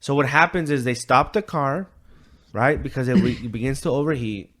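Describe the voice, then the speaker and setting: Speaking at normal speed with a mid-range, fairly bright voice, a man co-hosts a podcast and retells a story. The casual talk is loose and full of swearing, filler words and quoted voices.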